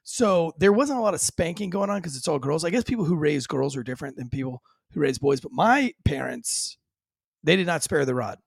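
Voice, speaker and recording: A man hosting a podcast, a former police officer telling animated stories in casual chat. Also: fairly high pitch, brisk, vocal fry, no room sound, clean studio sound. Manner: animated storyteller.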